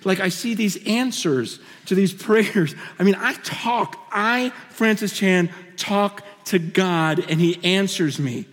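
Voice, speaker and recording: Male preacher, high voice, impassioned sermon storytelling, long hall reverb. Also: takes it slowly, few pauses. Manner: impassioned, swinging between loud and hushed. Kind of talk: sermon with personal stories. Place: large hall stage.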